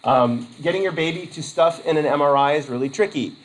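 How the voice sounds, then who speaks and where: Male college instructor, casual classroom talk, digressive and joking, a touch high-pitched. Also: brisk, rough recording. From Vermont. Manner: rambling, jokey asides. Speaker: college lecturer.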